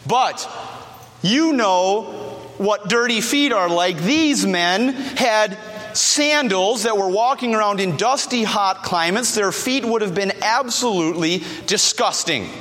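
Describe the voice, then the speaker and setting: A man's voice: sits high, takes it slowly, a bit bright. A middle-aged man preaching a sermon as pastor, emphatic, repeating his key phrases, recorded in a church. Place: church sanctuary. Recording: long reverb of a large hall.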